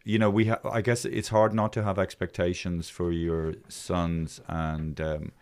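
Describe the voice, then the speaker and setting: A man hosting a podcast interview, asking questions haltingly as he searches for the right words. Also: low voice, little pitch movement, a little mellow. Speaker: podcast host.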